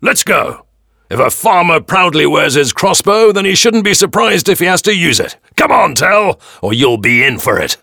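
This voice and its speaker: A man voicing a cruel, arrogant bailiff who shouts mocking orders in an audio storybook. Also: a little high, sing-song, normal speed, creaky, no echo, studio quality, voice pushed up, full character voice. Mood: impatient. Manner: shouting, taunting, commanding.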